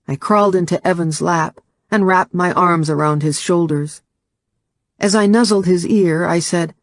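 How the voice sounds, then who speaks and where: A man reading a first-person novel aloud as audiobook narration, in a measured, steady storytelling manner on a close studio mic. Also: high voice, dry recording.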